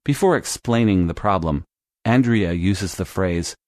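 Deep-voiced man teaching business English. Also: lively intonation, dry recording, clean studio sound. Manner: clear, measured instructional delivery. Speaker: language teacher. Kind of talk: scripted English lesson narration.

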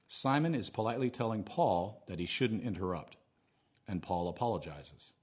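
A man narrating an English lesson in a clear, measured way, modelling phrases for learners to repeat. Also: on the low side, lively intonation.

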